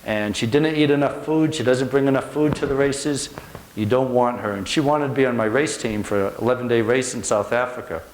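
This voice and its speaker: An American man in middle age speaks to a room as a motivational speaker, telling his stories earnestly and hammering points home by repeating them. His voice sits at an ordinary pitch. The recording carries a noticeable echo from the room around him. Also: brisk, a little hiss or hum. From United States. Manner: earnest storytelling, emphatic repetitions. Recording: echoey room.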